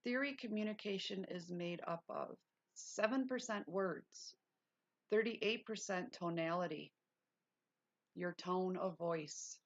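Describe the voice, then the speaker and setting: A woman's voice: lowish voice, slow pace, dull audio. A woman hosting a casual livestream lesson, reading notes aloud and breaking off into chatty asides. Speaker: livestream host.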